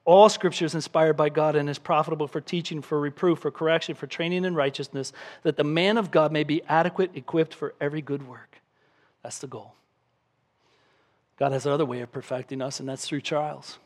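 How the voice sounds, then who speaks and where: A man with a high-pitched voice preaches to his congregation. He reads scripture aloud and drives his points home with emphatic repetition. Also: steady tone, a little fast. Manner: emphatic preaching, acts out a crying baby with shouts. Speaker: pastor. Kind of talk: sermon.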